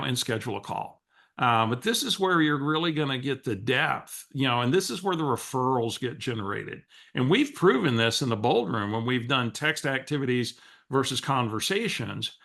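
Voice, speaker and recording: A man's voice: mid-range voice, gravelly, a bit bright. A man, a real estate coach telling a story on a coaching call and acting out the quoted dialogue, with frequent restarts. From Texas.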